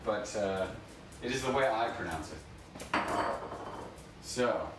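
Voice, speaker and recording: A man's voice: lowish voice, lively intonation, slow. A man helping as sous chef on a home cooking stream, tossing in dry joking asides. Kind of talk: casual kitchen banter. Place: home kitchen. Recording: echoey kitchen, distant mic, hiss.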